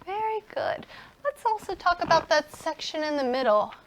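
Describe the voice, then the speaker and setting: A young woman teaching a recorded music lesson to young children, gentle and encouraging. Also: very high voice, very animated, slight background noise. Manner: gentle and encouraging, speaks slowly to young children, sings and whispers in parts.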